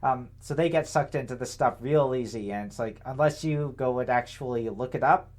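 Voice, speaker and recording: A man's voice: medium pitch, normal speed. A young man giving a casual political commentary monologue, rambling and indignant, full of fillers and tag questions. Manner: sarcastic, indignant.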